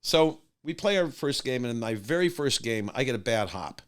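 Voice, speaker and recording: An older man, a musician and radio host appearing as a podcast guest, tells a long anecdote in relaxed conversation. His mid-range voice moves at normal speed but rises and falls widely as he takes on the voices of people he quotes.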